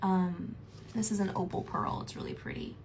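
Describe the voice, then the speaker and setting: Gushing, excitable woman livestreaming her painting. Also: fairly low pitch, normal speed, vocal fry, slight background noise. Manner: excitable, gushing, bursts into squeals and shouts. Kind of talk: casual livestream chat while painting.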